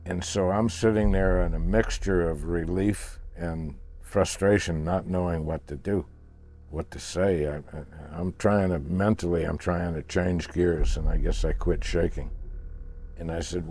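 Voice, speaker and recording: Older man, casual storyteller, mellow tone, halting delivery. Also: sits low, steady tone, soft background music. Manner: halting, repeats words when searching for them. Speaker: interviewee recounting a past voyage.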